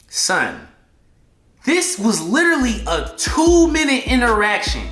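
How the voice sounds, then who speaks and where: A man vlogging an excitable storytime in heavy slang, acting out what people said. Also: sits high, measured pace. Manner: slangy, excitable, acts out quotes. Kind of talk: animated storytime. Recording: echoey room, faint music behind.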